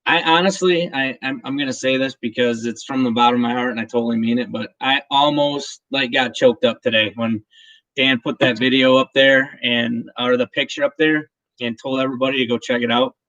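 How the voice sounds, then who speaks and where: A man's voice: mid-range voice, fairly even intonation, brisk, a bit bright, no echo, highs cut off. A man hosting a whiskey channel's live stream, chatting casually and emotionally with viewers and his partner. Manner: rambling, emotional, laughs often, many restarts.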